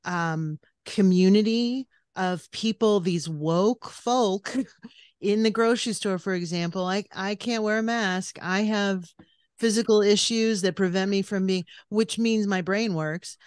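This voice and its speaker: A woman's voice: medium pitch, measured pace, clear, resonant tone, no room sound, studio quality. A woman podcast host in casual chat, ranting bluntly and swearing freely.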